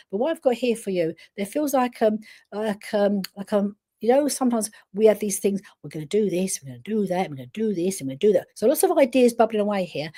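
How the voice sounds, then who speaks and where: A woman giving a live psychic reading, chatty and warm in her wording, full of restarts and "all right?" check-ins. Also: medium pitch. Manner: chatty, repeats "all right?" and "I wanna say to you"; frequent restarts and stammered repeats. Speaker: psychic medium.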